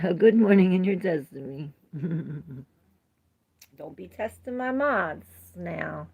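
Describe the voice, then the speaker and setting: A woman's voice: sits low, lively intonation, measured pace, gravelly, long pauses, darkish tone, slightly rough. A woman giving a casual livestream tarot reading, chatty and laughing often as she greets viewers and answers their comments. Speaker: tarot reader.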